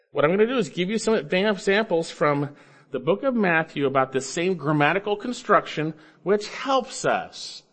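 A preacher teaching Bible grammar delivers an expository sermon with emphasis, drawing listeners in through rhetorical questions. He swings between loud, stressed points and quiet asides.

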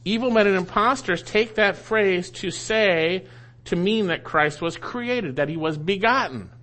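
A man's voice: high voice, a little slow, bright, forceful tone. A man preaching a sermon that teaches through a Bible passage, emphatic and repeating key phrases for stress.

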